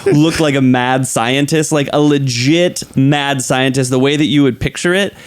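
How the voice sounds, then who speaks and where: A man's voice: mid-range voice, fairly even intonation, normal speed, clear, resonant tone. A man co-hosting a podcast in loose casual chat, rambling through stories with crude jokes and laughter. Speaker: podcast co-host.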